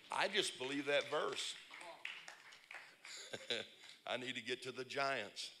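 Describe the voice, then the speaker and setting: A man preaching a lively, humorous sermon, telling stories and breaking into shouts. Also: mid-range voice, slow pace, pauses often. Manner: animated storyteller, bursts into shouts and laughs. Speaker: pastor. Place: church conference service.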